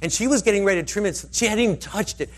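A man preaching, telling a rambling, animated story and slipping into the voices of its characters. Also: sits high, very fast. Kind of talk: storytelling sermon.

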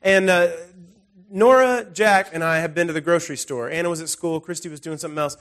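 A man preaching a sermon in a relaxed, conversational way, telling personal stories with frequent restarts. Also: on the high side, brisk. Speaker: pastor.

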